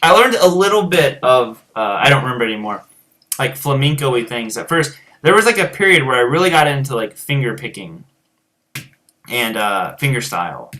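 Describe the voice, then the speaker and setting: Rural-accented American man, bright tone, loose rambling live-stream chat as a guitar teacher. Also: medium pitch, animated, normal speed, a little hiss or hum. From United States. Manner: rambling, many fillers and restarts. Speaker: guitar teacher and show host. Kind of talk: casual chat answering viewers.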